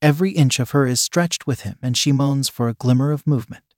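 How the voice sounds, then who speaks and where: Man, adult story narrator, steady unhurried reading, mid-pitched voice, dry sound. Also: dry recording.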